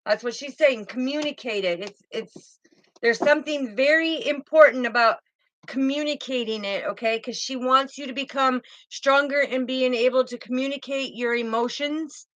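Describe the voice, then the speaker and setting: A woman reads tarot cards for her viewers in a soothing, affectionate way, calling them sweetheart and baby girl. Her voice sits high and bright. The sound is dry and close, with no room echo. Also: moderate pace. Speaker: tarot reader.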